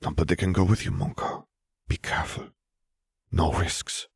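A man voicing a tender young French woman who murmurs softly. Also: deep voice, little pitch movement, normal speed, creaky, husky, dry recording, exaggerated voice. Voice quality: soft, murmuring.

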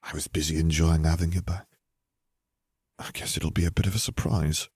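A man voicing an affectionate, possessive young woman in a storybook reading, soft-spoken and fond. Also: rumbling low, steady tone, normal speed, breathy edge, dry recording, studio quality, full character voice. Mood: tender.

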